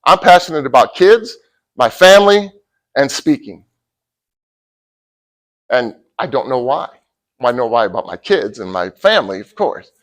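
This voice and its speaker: A middle-aged man giving a motivational talk to college athletes, telling a personal story and swinging from loud bursts to hushed asides. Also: mid-range voice, big pitch swings, moderate pace, long pauses, low-quality recording. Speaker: motivational speaker.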